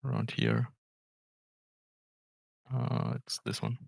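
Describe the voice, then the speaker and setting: A man in casual voice chat while gaming, speaking in a hesitant, low-key way. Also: sing-song, slow, vocal fry. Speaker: game player.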